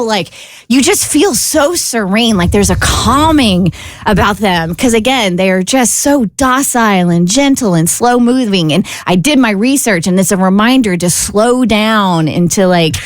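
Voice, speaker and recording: A woman co-hosting a radio show, telling a vacation story with animated, gushing delivery and laughter. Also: mid-range voice, no echo, clean studio sound.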